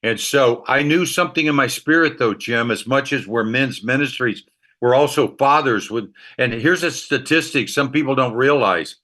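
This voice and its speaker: Middle-aged male ministry speaker, bright forceful tone, vivid anecdotal delivery. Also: mid-range voice, normal speed. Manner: animated storyteller, emotional anecdotes. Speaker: guest author and ministry leader. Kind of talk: storytelling interview talk.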